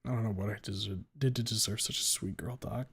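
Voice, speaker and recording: A man reading aloud, voicing a remorseful young woman high schooler who breaks into anguished, swearing outbursts, in a dramatic fan fiction reading. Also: fairly even intonation, a little fast, creaky, husky, heavily acted. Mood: choked up. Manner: anguished, shouting and swearing in bursts.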